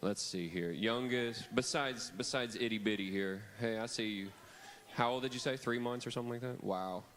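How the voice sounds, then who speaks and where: A man's voice: mid-range voice, normal speed, fairly bright tone. A man, giving a playful, teasing kids camp sermon from a church stage. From Louisiana. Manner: playful, teasing, chatty with children. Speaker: camp speaker.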